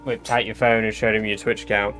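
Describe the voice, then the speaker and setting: A man chatting on a game stream, telling a story in an animated, swearing manner. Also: fairly low pitch, a little fast. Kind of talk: casual livestream chat. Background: game music.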